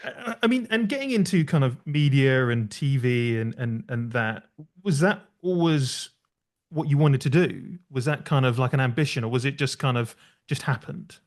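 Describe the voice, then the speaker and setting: A man's voice: mid-range voice, expressive, normal speed. A man hosting a podcast, asking loose questions with many fillers and restarts. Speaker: podcast host. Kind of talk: casual podcast interview.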